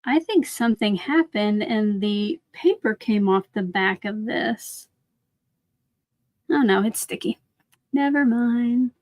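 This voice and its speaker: A woman's voice: fairly high pitch, slow pace, a little mellow, no echo. A woman hosting a craft livestream, chatting casually and answering viewer comments while she works, often saying "like".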